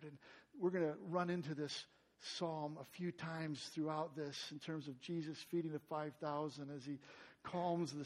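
Male pastor, fairly high voice, sermon, loud and rising on key points, soft in prayer. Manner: grows louder and higher when stressing a point; drops to a soft, quiet tone in prayer.

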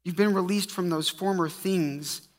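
A man's voice: high-pitched, a little slow. A man preaching a sermon as a pastor, telling a personal story in a conversational, humorous way. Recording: long hall reverb.

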